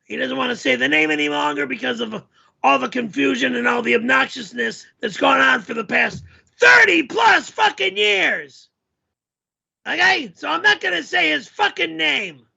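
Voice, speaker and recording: A man putting on a shrill, yelling storyteller guy. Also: creaky, muffled recording, heavily acted. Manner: yelling, crude and rambling. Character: loud, always-yelling male storyteller character. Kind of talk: comedic character storytelling.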